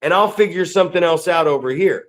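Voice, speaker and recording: A podcast co-host with a fairly high voice spins loose, crude stories in casual chat. He rambles and restarts often, slipping into quick voices for the people he quotes.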